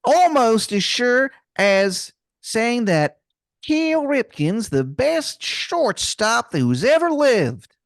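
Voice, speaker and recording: A man voicing a beer-swilling wizard with an exaggerated Baltimore accent, high and nasal, calling everyone hun. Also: sing-song, extremely slow, no room sound, studio quality, full character voice. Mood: folksy. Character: boozy male wizard with a thick local accent.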